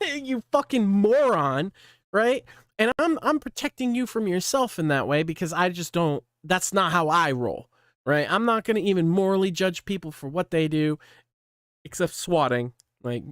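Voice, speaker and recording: A man with a high voice delivers a blunt, scolding rant full of swearing. The sound is dry and close, with no room around it. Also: dry recording. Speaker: channel host. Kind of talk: profane ranting commentary.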